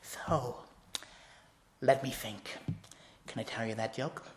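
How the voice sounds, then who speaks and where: A man's voice: medium pitch, takes it slowly, natural voice. A man voicing a cackling, wheedling male clown villain in a sing-song, menacing way. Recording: roomy echo.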